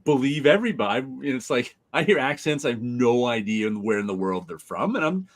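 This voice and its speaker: Lively man with a New York accent. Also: mid-range voice, fairly quick. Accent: New York area. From Rockland County, New York. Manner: animated storyteller, laughs often. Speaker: stream guest. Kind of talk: casual chat.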